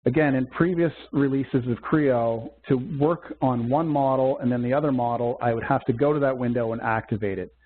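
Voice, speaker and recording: A man teaching a software demo in a webcast, walking through steps methodically with small fillers. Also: mid-range voice, normal speed, few pauses. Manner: methodical step-by-step explaining with fillers. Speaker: software instructor. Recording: tinny phone-like webcast audio.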